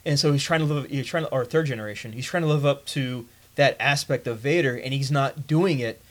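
A man's voice: mid-range voice, fairly quick. A man chatting with friends, playful and joking, often restarting his sentences. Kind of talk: casual chat.

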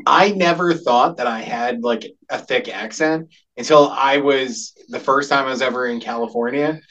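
A man's voice: medium pitch, normal speed, a bit bright, highs cut off. A young man with a Philadelphia accent, co-hosting a casual podcast chat and teasing with dry jokes. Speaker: podcast co-host.

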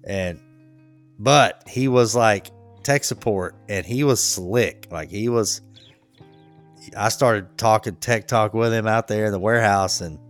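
Laid-back storytelling man, lowish voice. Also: measured pace, soft background music. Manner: laid-back, laughs a lot, acts out quotes. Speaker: podcast co-host. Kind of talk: casual storytelling chat.

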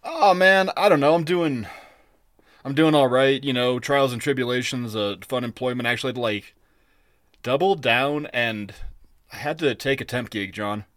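Podcast cohost guy, mid-pitch, tells stories all animated, dry close mic. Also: normal speed, dry recording. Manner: animated storyteller, acts out quotes. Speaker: podcast co-host. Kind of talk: casual podcast chat, storytelling.

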